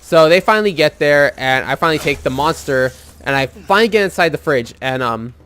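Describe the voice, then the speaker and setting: A man's voice: fairly high pitch, animated, fairly quick, fairly bright tone, clear, resonant tone. A young man casually telling a rambling story over gameplay, swearing often and filling with "like". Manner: rambling, swears a lot, heavy use of "like". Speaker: gaming video host.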